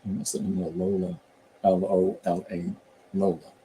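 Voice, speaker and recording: Mellow-voiced guy rambling on a stream while he draws, relaxed and chatty. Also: low voice, normal speed, a little hiss or hum, rough recording. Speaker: artist streaming while drawing. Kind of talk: casual live-stream chat.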